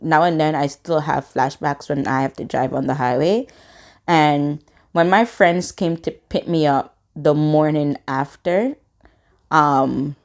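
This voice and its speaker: A young woman in her twenties telling a personal story in a casual, swearing, animated way. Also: deep voice. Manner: swearing, animated reenacted quotes. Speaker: storytime vlogger.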